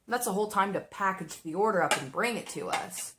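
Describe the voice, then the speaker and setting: A young woman casually telling a story about her restaurant job while doing makeup, animated and swearing, slipping into exaggerated voices for the people she quotes. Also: medium pitch, brisk, background noise.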